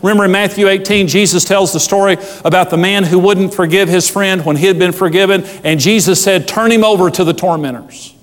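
A man preaching a sermon as pastor, swinging from loud fervent highs to low hushed asides. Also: fairly quick, hardly any pauses, long reverb tail.

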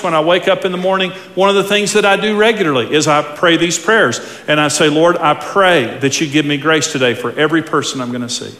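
Man, pastor, emphatic sermon, hushed to loud, roomy echo. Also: on the high side. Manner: emphatic preaching, swings between hushed and shouted.

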